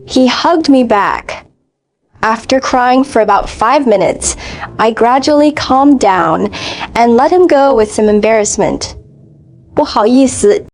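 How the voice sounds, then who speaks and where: A woman narrating a first-person dramatic story in a steady, even reading voice. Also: fairly high pitch.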